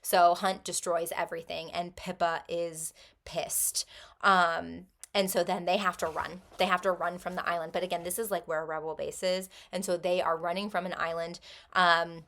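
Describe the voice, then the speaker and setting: A woman's voice: lowish voice, little pitch movement, moderate pace, fairly bright tone. A woman casually recapping a book plot in a chatty way, with many ums and likes. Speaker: book vlogger.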